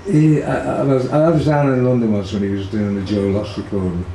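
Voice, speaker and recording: An older Liverpudlian man reminisces casually about his brother in an interview, rambling with lots of fillers and restarts. His medium-pitched voice is flat, a little fast, creaky and dark in tone. The room is echoey, with faint hiss in the background.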